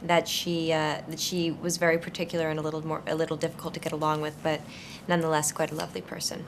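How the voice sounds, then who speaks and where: A woman's voice: low voice, level tone, quick pace, a little hiss or hum. A young actress in her twenties answering interview questions thoughtfully, searching for words with frequent fillers and restarts. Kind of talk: conversational interview.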